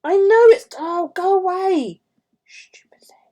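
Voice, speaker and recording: A woman's voice: extremely high pitch, unhurried, warm tone. Chatty, foul-mouthed woman. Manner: chatty, swears freely, storytelling. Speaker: live streamer. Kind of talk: casual chat while journaling.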